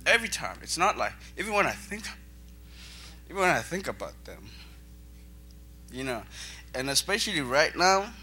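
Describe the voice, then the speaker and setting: Man, missionary guest, earnest preacherly testimony, vivid bright tone over faint music. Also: mid-range voice, sing-song, normal speed, pauses often. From Botswana. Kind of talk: church testimony.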